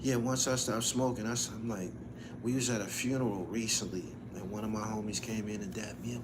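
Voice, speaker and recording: A man's voice: on the low side, steady tone, a little fast, very noisy. A man hosting his own channel, chatting casually and profanely, laughing often as he tells stories. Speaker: channel host. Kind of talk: casual livestream chat.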